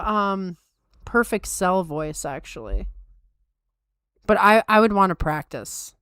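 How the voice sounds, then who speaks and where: A woman's voice: medium pitch, animated, slow, a bit bright, smooth, no room sound, studio quality. A tired woman hosting a podcast, chatting casually and wryly with her viewers. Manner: wry, self-deprecating chatter. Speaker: podcast host. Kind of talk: casual chat with live chat.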